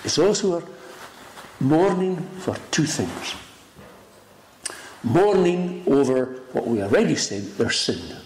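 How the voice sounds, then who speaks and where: Slow emphatic preacher, echoey room. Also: male voice, a little high, lively intonation. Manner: emphatic, dramatic swings from loud to hushed. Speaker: pastor. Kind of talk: sermon. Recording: echoey room with faint noise.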